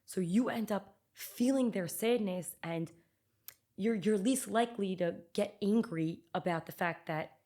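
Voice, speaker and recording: A woman who works as a parenting coach and behavioral therapist, talking in a chatty, animated way with many fillers as a podcast guest. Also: mid-range voice, measured pace. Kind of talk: casual interview chat.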